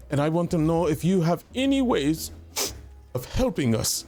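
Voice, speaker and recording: A man's voice: fairly high pitch, big pitch swings, a little slow, warm tone. A man playing a tabletop role-playing game, talking in stammering, flustered apologies, slipping in and out of character. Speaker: player.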